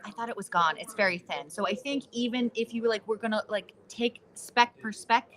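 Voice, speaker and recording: A woman's voice: on the high side, normal speed, a bit bright. Chatty woman hosting a live stream. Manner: chatty, bubbly, many fillers. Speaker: host. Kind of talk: casual live-stream chat. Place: trade expo hall.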